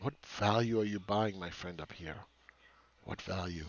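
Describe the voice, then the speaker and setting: A man's voice: low voice, moderate pace, dull audio. A man ranting as a market commentator, sarcastic and profane, who often repeats words and restarts his phrases.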